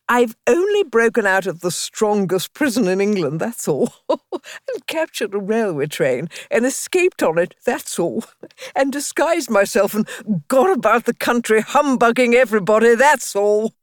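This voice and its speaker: A boastful, excitable lady toad, put on by a woman reading aloud. She brags and gushes in a high, swooping voice that leaps up at every boast. The sound is dry and close. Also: unhurried, no echo. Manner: bragging, gushing, high and excited.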